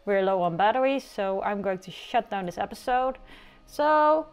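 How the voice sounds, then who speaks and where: A woman's voice: medium pitch, brisk, a little mellow, clean tone. Chatty woman narrating a life sim game. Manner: chatty, teasing, playful outbursts. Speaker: gameplay narrator. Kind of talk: casual game commentary. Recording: faint music behind.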